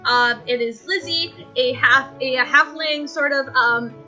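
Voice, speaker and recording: A woman's voice: high-pitched, measured pace, pushed and bright, muffled recording. A woman narrating a tabletop game as game master, rambling loosely with lots of fillers and restarts. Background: music.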